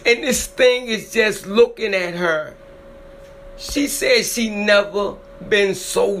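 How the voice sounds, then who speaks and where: This high-voiced man talks at a slow pace with a somewhat bright sound, and there's a little background noise. In emotional spoken storytelling, he dramatically recounts a scary encounter someone had, repeating himself a lot and swelling his voice at the emotional moments.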